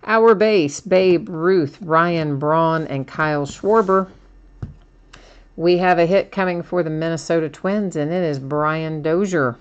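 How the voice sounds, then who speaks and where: Chatty low-voiced woman hosting a card break. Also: takes it slowly, smooth, muffled recording. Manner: chatty, laughs often, reads out cards and chat. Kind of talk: live stream card break commentary.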